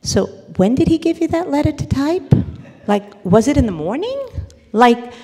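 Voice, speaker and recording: A woman's voice: very animated, warm tone, big-room sound. A woman doing a pushy, questioning girlfriend. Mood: prying. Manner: rapid, interrupting questions, raised and high. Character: nosy female friend firing off questions.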